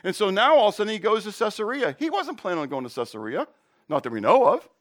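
A man's voice: high-pitched, sing-song, fast talker. A middle-aged male pastor preaching a conversational sermon, asking the congregation questions and telling jokes and personal stories.

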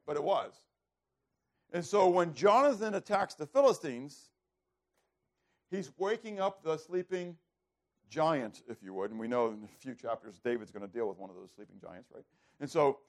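A man preaching a sermon who keeps asking the listeners questions and answering them himself, often repeating words as he starts over. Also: on the high side. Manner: animated, asks rhetorical questions and answers them. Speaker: preacher teaching a Bible passage.

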